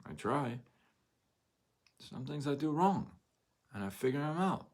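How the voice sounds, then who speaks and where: A man's voice: on the high side, expressive, measured pace, darkish tone. A man hosting a motivational live stream, speaking earnestly and getting emotional as he repeats his encouragement.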